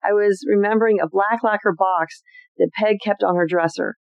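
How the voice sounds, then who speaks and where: A podcast host reads old family letters aloud with an expressive, chatty delivery and adds personal asides between them. The voice has a gravelly, creaky edge. It sits in a dry, dull, slightly lo-fi home recording. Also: medium pitch, normal speed, no echo.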